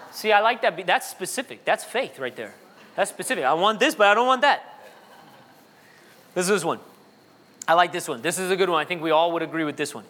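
A man preaches a sermon in a long-echoing hall, his voice high and bright. He jokes freely and repeats his words as he goes. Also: expressive, a little fast, long pauses. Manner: jokey, repeats words, reads funny kids' prayers. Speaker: pastor.

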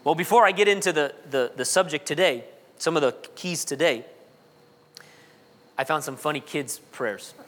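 Bright-voiced preacher man in a hall. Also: a little high, normal speed, long pauses. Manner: jokey, repeats words, reads funny kids' prayers. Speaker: pastor. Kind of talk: sermon.

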